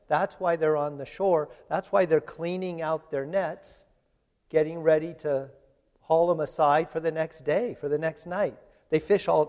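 A man's voice: on the high side, darkish tone. A man preaching a sermon in a chatty, conversational way, retelling scripture in everyday voices. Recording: long hall reverb.

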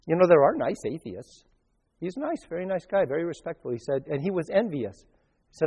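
A man's voice: a little high, a little fast, darkish tone, lo-fi sound. A male pastor giving a sermon in a conversational, storytelling way, with frequent restarts. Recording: long reverb.

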